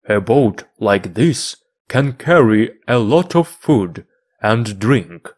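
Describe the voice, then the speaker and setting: A man's voice: fairly low pitch, expressive, slow, a little mellow. A man voicing an eager, loyal young island man from a storybook, speaking in earnest, emphatic exclamations. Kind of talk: slow read-aloud of a storybook.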